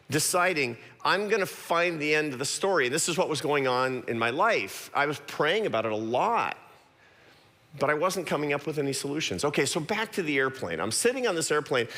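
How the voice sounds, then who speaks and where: A middle-aged man giving a talk to an audience, telling a personal story with quick self-deprecating asides. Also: on the high side, fairly bright tone. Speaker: guest speaker. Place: large church auditorium. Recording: long hall reverb.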